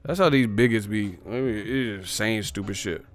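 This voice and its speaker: A man hosting a livestream, reading super chats and ranting in a casual comedic way, profane and animated, laughing often. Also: fairly low pitch, normal speed.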